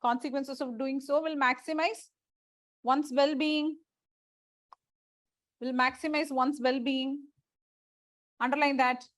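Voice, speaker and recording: A woman's voice: high voice, fairly even intonation, slow pace, long pauses, dry recording. A woman teacher, dictating lecture notes to a class, repeating phrases and spelling out words letter by letter.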